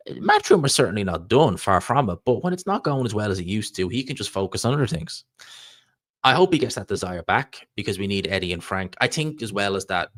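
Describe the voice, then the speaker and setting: Low-voiced Irish man chatting on stream. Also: fairly bright tone, dry recording, clean studio sound. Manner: rambling, chatty, answers questions from chat. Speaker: livestream host reading viewer chat. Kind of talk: casual live-stream chat.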